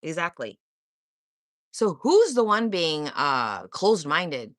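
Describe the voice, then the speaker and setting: A woman hosts a live stream and argues straight at her viewers, confrontational and sarcastic, with swearing. Her pitch leaps up and down as she talks. The sound is dry and close, with no room echo. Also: big pitch swings, takes it slowly, fairly bright tone. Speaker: livestream host. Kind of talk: heated live-chat monologue.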